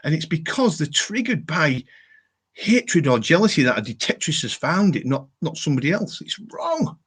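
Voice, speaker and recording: A man's voice: fairly high pitch, big pitch swings, normal speed, a bit bright, breathy edge. A middle-aged man from England hosting a live chat show, talking in a blunt, matey way and swearing freely. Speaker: host of a live detecting show. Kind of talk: casual live-stream chat.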